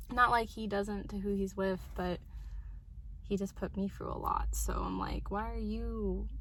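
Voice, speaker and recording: A young adult woman vlogging, talking candidly and quietly in a reflective, confessional way. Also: mid-range voice, creaky, slight background noise, low-quality recording. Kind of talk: confessional talk to camera.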